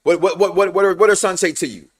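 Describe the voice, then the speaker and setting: A man's voice: high-pitched, quick pace. A man co-hosting a TV recap show in casual, slangy chat, repeating phrases for emphasis.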